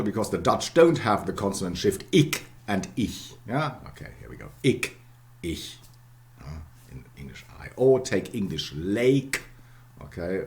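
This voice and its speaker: A man from Germany, giving a university lecture and repeating words often, checking in with "okay" and "yeah". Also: deep voice. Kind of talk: academic lecture.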